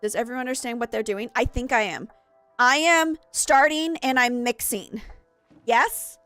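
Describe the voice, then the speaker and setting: A young woman with a slightly high voice chats casually on a live stream, excitable and quick to giggle when she gets flustered. Her voice sits dry and close on the mic, with faint game music underneath. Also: dry recording. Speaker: streamer hosting a game party.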